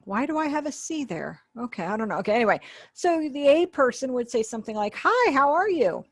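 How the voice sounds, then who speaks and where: Speaking quickly and with animation, a woman with a fairly high pitch and a slightly mellow tone interprets in ASL for a webinar teacher. There is no echo. She voices the online sign language class step by step in a conversational style, tossing in small asides.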